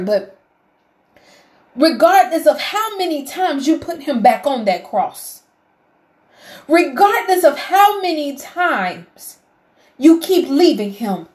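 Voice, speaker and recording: Emotional woman, slow devotional talk. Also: sits high, big pitch swings, a little mellow. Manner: emotional, preacherly, rising to fervent appeals. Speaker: faith vlogger.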